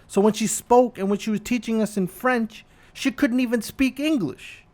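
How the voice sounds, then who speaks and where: A man's voice: extremely high pitch, moderate pace, a little mellow. A man hosting a podcast, delivering a profane, ranting comedic monologue. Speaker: podcast host.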